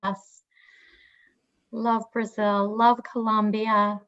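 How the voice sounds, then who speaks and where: A woman's voice: mid-range voice, little pitch movement, drawn-out words, music in the background. A woman co-hosting a webinar, cheerfully reading out where attendees are joining from over a video call. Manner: upbeat, reads out attendee locations. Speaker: webinar co-host. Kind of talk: casual greetings before a webinar. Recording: dull lo-fi video call audio.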